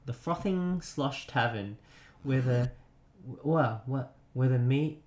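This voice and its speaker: Guy reading out a welcoming tavern innkeeper, slow halting delivery, echoey room. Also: mid-range voice, animated, noisy background. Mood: reading aloud. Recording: roomy echo.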